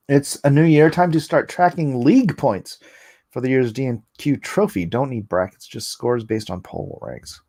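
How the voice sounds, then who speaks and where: A slightly hoarse man hosts a casual livestream from a home setup, chuckling as he reads viewers' comments aloud. He talks at an unhurried pace, and his pitch moves up and down in a lively way. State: hoarse after coughing. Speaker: livestream host.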